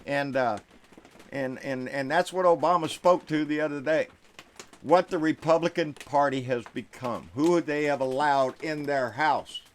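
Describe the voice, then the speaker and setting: A middle-aged man with a Texan accent hosting a live stream political rant, folksy, with quiet asides and loud outbursts. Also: a little high, unhurried.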